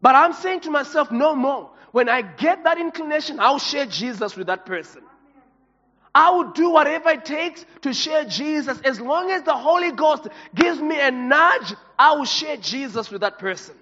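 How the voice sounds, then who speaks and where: Pastor, male, very high voice, passionate emotional sermon; recorded in a reverberant hall with a dull lo-fi sound. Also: animated, moderate pace, sharp tone.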